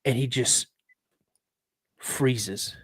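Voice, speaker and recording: A man's voice: medium pitch, very slow, husky, no echo. Guest, man in his 50s, dramatic storyteller, mid-range voice, dry mic. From United States. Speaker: podcast guest. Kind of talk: telling a personal story.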